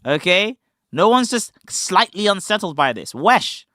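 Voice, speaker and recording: A man's voice: high-pitched, big pitch swings, measured pace, sharp tone, no room sound, studio quality. A man hosting a live stream, reacting to a debate clip and joking emphatically with his chat. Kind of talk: casual live-stream commentary.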